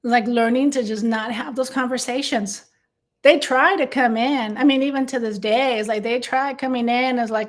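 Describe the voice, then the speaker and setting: A woman sharing an earnest personal testimony in a faith-based business conversation, heartfelt and halting, often restarting her sentences. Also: fairly high pitch, fairly even intonation. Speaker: guest, business consultant and co-host.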